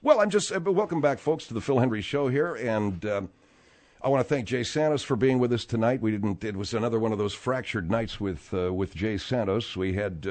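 A man's voice: lowish voice, darkish tone. A man hosting a radio comedy talk show, incredulous and needling as he questions his guests.

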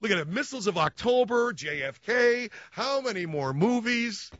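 A man's voice: high-pitched, expressive, normal speed, fairly bright tone, dry recording, dull audio, voice pushed up. A man voicing his exasperated wife as she sarcastically dismisses another war movie. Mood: scoffing.

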